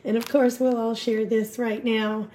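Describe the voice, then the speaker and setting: A woman talks casually to the camera in her home schoolroom as she recovers from surgery. Her voice sits a little high, with a mellow tone and a touch of huskiness. She swings from quiet, tired stretches to bubbly gushing. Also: a little slow, husky. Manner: chatty, gushing when excited, soft and low when tired. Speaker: vlogger.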